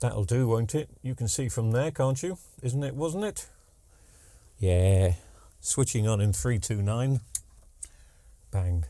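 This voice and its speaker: A man's voice: mid-range voice, slow, mellow, no echo. A man, rambling casually through a TV repair vlog with joking asides and lots of ums. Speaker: TV repair vlogger. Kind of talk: casual chatty workshop vlog.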